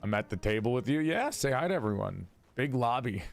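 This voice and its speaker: A man streaming a video game in casual chat, excitable and gushing, sounding a little sleepy. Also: brisk, vocal fry, soft background music. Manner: excitable, gushing, swings into high squeals. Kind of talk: casual gaming livestream chat.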